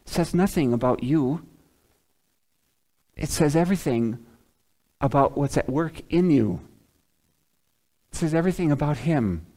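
A man preaching a sermon in a church, animated and emphatic, swinging from loud peaks to soft, low passages. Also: a little slow, pauses often, poor audio. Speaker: pastor. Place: church sanctuary, away from the pulpit.

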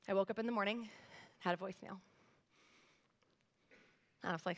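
A woman's voice: mid-range voice, fairly even intonation, brisk, pauses often. A woman in her thirties preaching a sermon as pastor, earnest and conversational, speaking straight to her congregation. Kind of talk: sermon with personal story. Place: church sanctuary. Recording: long hall reverb.

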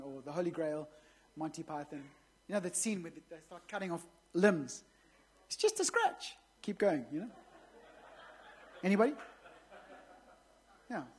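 A woman's voice: lowish voice, darkish tone, slightly rough. A woman pastor preaching a sermon in a conversational way, with joking asides to the congregation.

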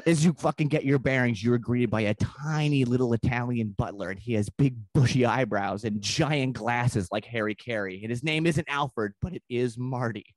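A comedian spins a long, rambling story, swearing freely and dropping into quick put-on voices for the people in it. His voice sits at an ordinary middle pitch for a man. The sound is dry and close, with no room around it. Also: no echo. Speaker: comedian guest.

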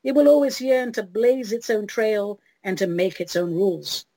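A woman's voice: mid-range voice, animated, moderate pace, dark tone, no room sound, poor audio. A woman hosting an internet radio talk show, answering listener letters in a theatrical, playful way and calling her listeners darlings.

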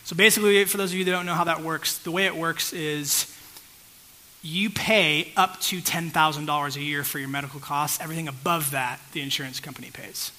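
A man's voice: on the high side, steady tone, brisk, pushed and bright, low-quality recording. A pastor telling a personal story in a conversational sermon, often checking in with his listeners.

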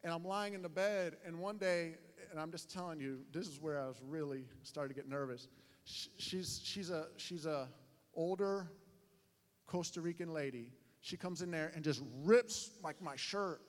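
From a church sanctuary, a male pastor tells sermon stories at a normal pace, his fairly high voice ringing through a long echo. He's animated and self-mocking, constantly slipping into different character voices.

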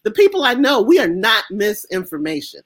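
An American woman speaking as an interview guest, impassioned and emphatic, with halting restarts. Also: mid-range voice, sing-song. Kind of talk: emotional interview conversation.

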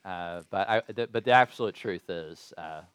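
A man's voice: low voice, normal speed, a bit bright, clean tone, no echo. A man who is a pastor, speaking in a friendly, easygoing way as a podcast guest. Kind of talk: casual podcast interview.

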